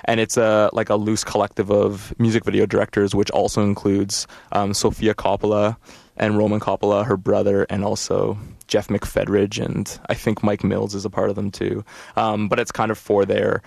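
A man's voice: lowish voice, completely flat delivery, moderate pace, vocal fry, darkish tone, dry recording. A man co-hosting a college radio music show, chatting casually in a rambling, hesitant way with many fillers.

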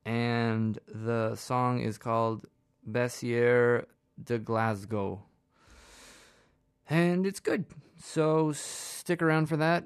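A man's voice: medium pitch, vocal fry, clear, resonant tone, no echo, studio quality. A man in his twenties hosting a radio show, chatting in a casual, rambling, self-deprecating way with lots of fillers. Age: 20s. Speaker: radio host.

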